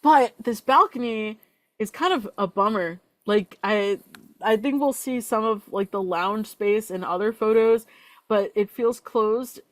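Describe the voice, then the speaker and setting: A young woman co-hosting a fan podcast in casual chat, chatty with quick asides and filler words. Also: medium pitch, no room sound. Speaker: podcast co-host.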